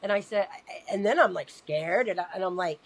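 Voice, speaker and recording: A woman guest telling a personal story in conversation, animated and acting out quoted dialogue. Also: mid-range voice, brisk. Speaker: podcast guest.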